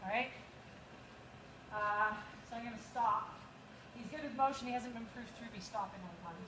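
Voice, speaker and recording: A woman instructor with a slightly high voice runs a dog agility class, explaining drills to students. She coaches in a practical way and breaks into quick cues for her dog. The recording is echoey, with loud background noise. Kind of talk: outdoor training class instruction.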